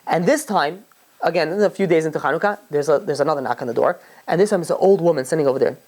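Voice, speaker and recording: A rabbi giving a storytelling sermon, who acts out the voices of the people in the story. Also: male voice, a little high, fast talker, a little mellow.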